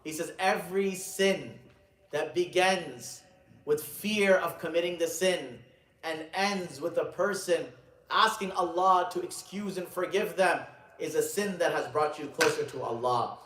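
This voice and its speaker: A man teaching a religious gathering, telling stories in a casual, conversational way and slowing down to stress the key points. His voice sits a little high for a man. The recording is roomy and picked up from a distance, with a faint hum of ambience behind it. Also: fairly bright tone. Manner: casual, conversational storytelling with frequent "you know" and restarts; slow, emphatic delivery when quoting and explaining sayings. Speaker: Islamic scholar teaching a gathering. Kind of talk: religious lecture with a storytelling anecdote.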